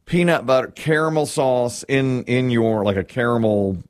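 A man's voice: medium pitch, moderate pace, no echo, clean studio sound. A middle-aged man hosting a show, chatting casually and telling rambling stories. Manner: chatty, rambling, with restarts and storytelling. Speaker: radio show host. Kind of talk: casual on-air chat.

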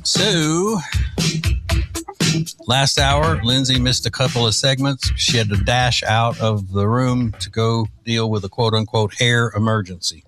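A man's voice: medium pitch, steady tone, moderate pace, hardly any pauses, a bit bright, soft background music. A man hosting a morning radio show, casually setting up his co-host's story and keeping an eye on the time. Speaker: radio host.

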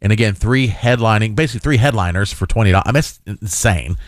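A man's voice: lowish voice, quick pace, no echo, clean studio sound. Upbeat male morning radio host. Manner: upbeat, salesy promo delivery. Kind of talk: casual radio banter and promo.

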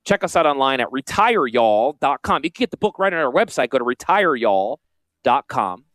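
A man with a Northern US Yankee accent, a financial advisor hosting a casual promotional podcast with salesy, jokey asides and a high-pitched voice. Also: very animated, moderate pace, a bit bright, dry recording. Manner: self-described high-pitched voice. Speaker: financial advisor and radio host.

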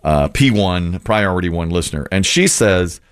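A man hosts a casual radio talk show, his pitch swinging up and down as he tells stories. He laughs often and keeps the banter loose. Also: moderate pace, clear, resonant tone. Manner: chatty, laughs often, lively storyteller.

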